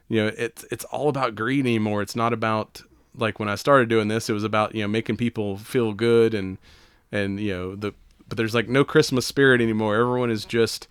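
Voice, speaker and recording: A man's voice: lowish voice, steady tone, fairly quick, clean tone, dry recording. A man co-hosting a podcast, chatting casually and profanely about a movie, rambling and laughing often. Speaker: podcast co-host.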